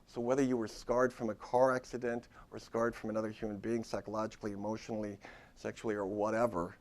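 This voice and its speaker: A man's voice: lowish voice, little pitch movement, fast talker, darkish tone. Emphatic middle-aged man lecturing therapists. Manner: emphatic, repetitive, talks straight to the audience. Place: lecture room at a university.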